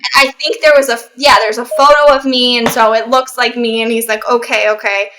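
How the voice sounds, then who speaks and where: A woman's voice: on the high side, brisk, a little hiss or hum. A young adult woman as a guest, telling a story in casual chat and acting out the people in it. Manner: animated, acts out quoted exchanges.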